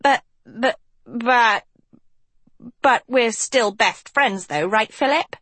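A woman's voice: a little high, expressive, takes it slowly, fairly bright tone, dry recording, voice pushed up, exaggerated voice. A woman voicing an eager, needy schoolboy with a nasal voice, pushy and wheedling in an audiobook. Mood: anxious. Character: eager nasal boy student, needy sidekick. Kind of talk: audiobook character voice.

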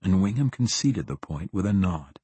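Male audiobook narrator, steady fantasy reading, dry close sound. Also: low-pitched, husky, no room sound. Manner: steady, measured storytelling.

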